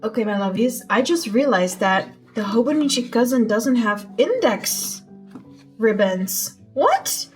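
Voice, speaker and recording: Chatty young woman, casual planner vlog, thinks aloud, soft music behind. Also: a little high, expressive, a little slow. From Netherlands. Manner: chatty, self-talking, playful exclamations. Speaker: vlogger.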